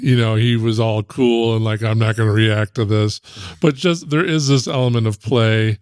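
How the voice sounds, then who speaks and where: A man with a fairly low voice hosts a podcast, asking quick conversational questions. His voice is recorded dry and close, with no room echo. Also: darkish tone, smooth. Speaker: podcast host. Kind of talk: casual interview.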